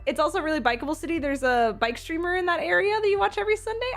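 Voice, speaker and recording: A woman's voice: high-pitched, big pitch swings, a little fast, faint music behind. A woman streamer chatting casually with her viewers, bubbly and effusive, reacting to chat as she tells stories. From Seattle area.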